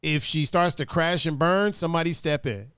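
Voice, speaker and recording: A man hosting a podcast in casual chat, animated and profane, reading listener comments aloud. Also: on the high side, moderate pace, clean tone, dry recording, clean studio sound. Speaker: podcast host.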